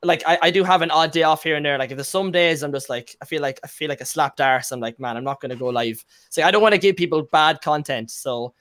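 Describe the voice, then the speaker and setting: A man's voice: on the high side, fast, hardly any pauses, a bit bright. A young Irish man, a guest streamer, chatting casually on a podcast and telling stories full of slang and acted-out quotes. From Ireland.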